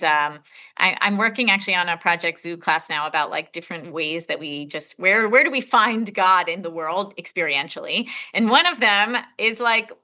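Woman teacher, class lecture, bright voice, chatty and thinking out loud. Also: mid-range voice. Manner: conversational, thinking aloud, many filler "like"s. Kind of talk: teaching a text-study class.

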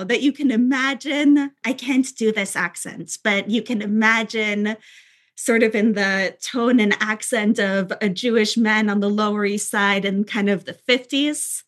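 A woman's voice: medium pitch, fairly even intonation, measured pace, fairly bright tone. A woman teaching a text study, reading quoted lines aloud and then explaining them with frequent "right?" asides.

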